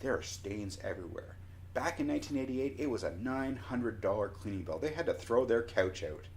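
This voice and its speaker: A Canadian man in his forties telling a personal anecdote in a casual, animated way, often restarting his sentences. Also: medium pitch, fairly quick, a little hiss or hum. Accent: Canadian English. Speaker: storyteller.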